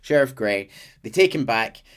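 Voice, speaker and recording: A man's voice: medium pitch, expressive, moderate pace, a bit bright, clean tone. Casual podcast man, rambling recap, frequent ums and false starts. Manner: rambling storyteller, many ums and restarts, slips into quoted voices. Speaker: podcast host recounting a game's story. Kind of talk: casual chat.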